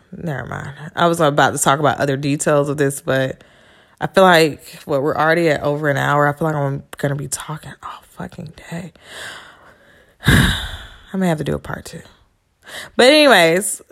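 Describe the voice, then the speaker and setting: A woman's voice: deep voice, normal speed, pauses often, fairly bright tone. A woman hosting a podcast, telling a personal story in a candid, emphatic and profane casual monologue. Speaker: podcast host.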